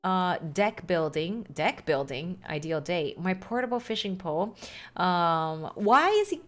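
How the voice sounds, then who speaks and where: A woman's voice: fairly low pitch, animated, unhurried. A woman streaming a game, chatting casually and reading on-screen text aloud with wry asides. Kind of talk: casual game playthrough commentary.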